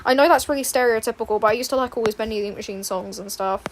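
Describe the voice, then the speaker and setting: At home indoors, a young woman streamer and artist chats casually with viewers as she draws, rambling and adding laughing asides. Her voice is fairly high and very fast, with slight background noise.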